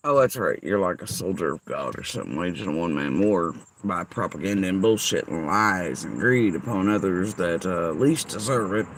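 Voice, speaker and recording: A man's voice: low-pitched, lively intonation, normal speed, few pauses, slight background noise, poor audio. Sarcastic, swearing man on a rant. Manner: profane, sarcastic, confrontational. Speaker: vlogger. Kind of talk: angry ranting monologue.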